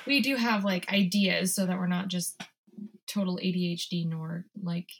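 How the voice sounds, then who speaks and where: A woman's voice: lowish voice, fairly even intonation, moderate pace, slightly rough. A young adult woman co-hosting a podcast in casual chat, rambling and giggly as she talks. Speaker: podcast co-host.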